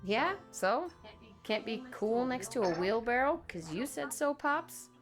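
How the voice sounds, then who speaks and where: A woman's voice: a little high, lively intonation, unhurried. A woman voicing a sarcastic, bored teenage girl who hands out mocking put-downs, in a video game. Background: faint game music.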